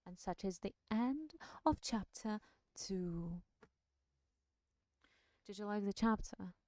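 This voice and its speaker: A woman's voice: mid-range voice, animated, takes it slowly, a little mellow, dry recording. A woman, not a native English speaker, reading a storybook aloud and chatting on a live stream in a chatty, self-deprecating way. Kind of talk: book reading and casual chat on a live stream.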